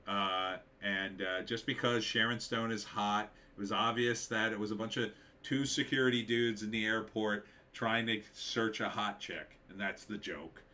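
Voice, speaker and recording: A man hosts a casual live stream, working through viewer comments and answering each with blunt, dismissive verdicts. His voice sits fairly low but has a bright, forceful edge. He talks loosely, with lots of "uh" and "um" between his points. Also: fairly even intonation, unhurried, a little hiss or hum. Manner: blunt, dismissive, opinionated, many fillers. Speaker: live stream host reading chat.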